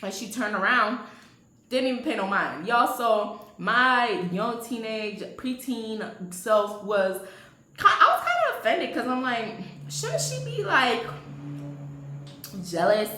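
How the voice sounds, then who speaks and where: A woman's voice: on the high side, expressive, a little slow, sharp tone. A young woman vlogger telling a casual storytime, slangy and chatty, talking straight to her viewers. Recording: roomy echo.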